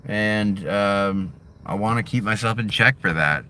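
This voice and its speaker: A man's voice: fairly low pitch, a little slow, pushed and bright. A middle-aged American man chatting casually from his driveway, blunt and profane, swinging between heated and subdued. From United States. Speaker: vlogger. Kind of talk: casual livestream chat.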